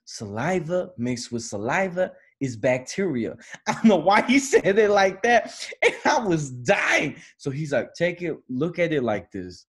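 Husky young man telling stories. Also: fairly high pitch, measured pace, few pauses. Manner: animated, laughs often while telling stories. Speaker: podcast co-host. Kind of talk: casual storytelling.

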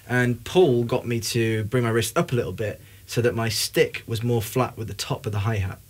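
A man's voice: medium pitch, normal speed, slightly rough. A young man giving a casual, upbeat drum lesson, talking between demonstrations at the kit. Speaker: drum teacher. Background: drum kit playing.

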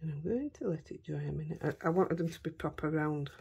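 Chatty Yorkshire woman, low husky voice. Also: fast talker, hardly any pauses, warm tone. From Yorkshire, England. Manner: chatty, talks to herself and her dogs while working. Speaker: craft vlogger. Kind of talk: casual crafting chat.

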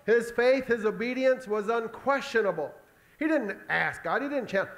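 A male pastor delivering a sermon in an animated storytelling way, acting out Bible scenes. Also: very high voice, normal speed.

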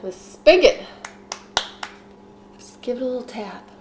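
A woman's voice: fairly high pitch, animated, measured pace, a little mellow, reverberant, slight background noise. A young woman hosting a home baking vlog in her kitchen, joking and rambling between steps. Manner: silly, rambling, jokey asides. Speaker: host of a home baking show.

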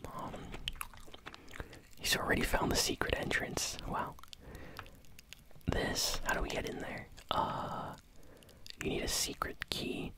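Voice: slow pace, pauses often. An ASMR gaming host whispering casual, easily amused gameplay commentary while chewing bubblegum.

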